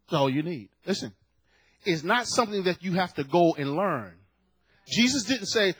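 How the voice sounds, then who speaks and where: A male pastor delivering a sermon, his high voice a little husky. He drops to near-whispers, then rises into loud, fervent stretches. The sound is close and dry. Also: very animated, unhurried, pauses often, no room sound. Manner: swings from hushed to loud and fervent.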